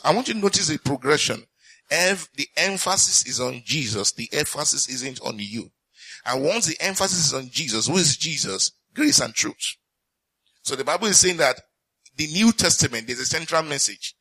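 A man preaching a sermon as pastor, reading scripture slowly and asking the congregation questions he then answers. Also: mid-range voice, animated, sharp tone, breathy edge, dry recording, low-quality recording. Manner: reads scripture slowly and deliberately.

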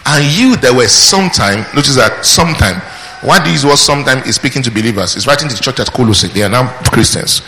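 A man's voice: medium pitch, expressive, fast, pushed and bright. A man preaching a sermon, emphatic, asking the congregation questions, answering them himself, and calling out praise between points. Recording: long hall reverb with faint background noise.

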